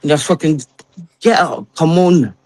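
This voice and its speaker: A Scottish man trading jokes in loose, profane chat. His voice sits a touch high for a man, and he swears freely and teases as he talks. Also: measured pace, a little mellow. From Scotland. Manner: profane, joking banter. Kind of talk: casual chat.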